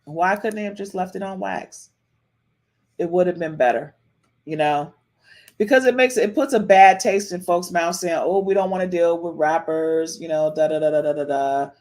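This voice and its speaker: A woman hosting a live-stream podcast in casual chat, animated and sassy, repeating herself often. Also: fairly low pitch, normal speed. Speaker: podcast host.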